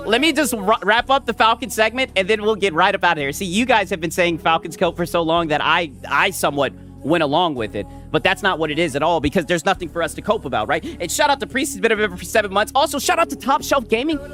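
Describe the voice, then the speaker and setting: Male streamer, casual chat host, very expressive pitch, habitual "right?", faint background music. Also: fast, hardly any pauses. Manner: animated, repeats "right?" constantly, reads chat shout-outs.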